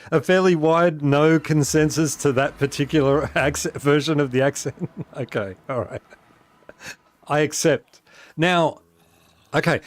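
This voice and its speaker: A man's voice: a little high, dry recording. An Australian man chatting casually on a live game stream, talking to viewers and laughing often. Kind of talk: casual gaming stream chat.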